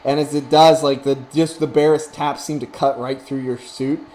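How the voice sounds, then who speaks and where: A man's voice: fairly high pitch, fairly even intonation, normal speed, darkish tone. A man narrating as game master, rambling with many fillers.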